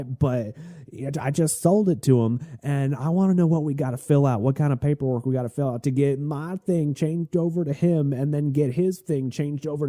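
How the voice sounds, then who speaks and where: A man's voice: a little high, dark tone, pitched above the performer's own voice, lightly acted. A man imitating a flustered Southern man who is trying to sort out paperwork for a truck sale.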